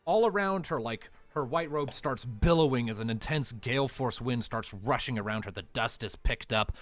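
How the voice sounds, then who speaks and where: A man's voice: mid-range voice, normal speed, soft background music. A man narrating a tabletop game as game master, in loose, hedging phrasing full of "sort of" and "like".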